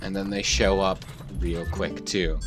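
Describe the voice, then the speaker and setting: Guy livestreaming a game, slow and drawn out, muttering then blowing up, some game music faint behind. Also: low-pitched, little pitch movement. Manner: thinks aloud, swings between mutters and frustrated outbursts. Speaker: game streamer. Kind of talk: casual live gameplay commentary.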